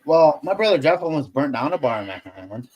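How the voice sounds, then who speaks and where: A man on a casual podcast, a loud storyteller who laughs often and swears. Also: on the high side, big pitch swings, quick pace, muffled recording. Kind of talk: casual chat.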